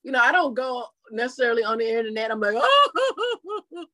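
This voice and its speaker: A woman being interviewed in a casual chat, telling her story animatedly and acting out quotes in lively voices. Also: fairly high pitch, very fast, no echo. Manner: chatty, with frequent "you know" fillers. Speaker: interview guest.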